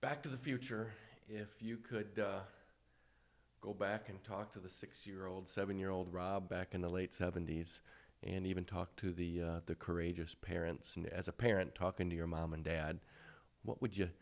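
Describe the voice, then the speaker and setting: A man hosts a podcast interview, asking long questions in a relaxed, friendly way. His voice is very deep with a gravelly rasp, and he sits a bit back from the microphone. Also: normal speed. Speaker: podcast host.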